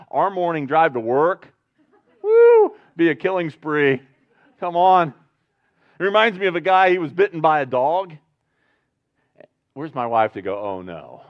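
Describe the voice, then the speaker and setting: A man preaching a sermon in a conversational style, breaking into loud emphatic bursts and chatty asides. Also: on the high side, lo-fi sound. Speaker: pastor.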